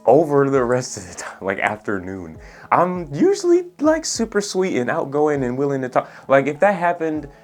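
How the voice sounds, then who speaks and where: A young man in his twenties telling a story in a casual, laid-back way, using lots of slang and filler words, with a soft, soothing voice. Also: a little high, wildly swooping pitch, moderate pace. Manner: laid-back, profane slang, says "bro" and "like" a lot. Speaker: storytelling vlogger. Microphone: USB studio microphone.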